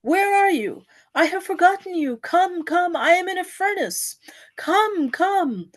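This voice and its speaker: A woman's voice: very high-pitched, lively intonation, voice pushed up. Woman voicing a weeping man pleading with God. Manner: pleading, tearful, drawn-out calls.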